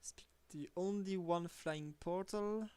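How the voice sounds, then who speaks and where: Woman streamer, lowish voice, unhurried live game commentary, wry self-talk. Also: darkish tone, clean tone, no echo. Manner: thinks aloud, teases herself and the game.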